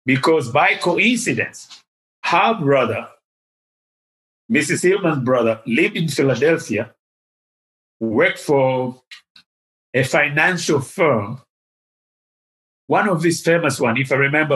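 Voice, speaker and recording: An older man recounts a story from his past as an interview guest. His voice sits a little high for a man, and he speaks haltingly, with frequent fillers and restarts. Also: animated, fairly bright tone. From Tanzania. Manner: hesitant, with many fillers and restarts. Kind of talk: storytelling in conversation.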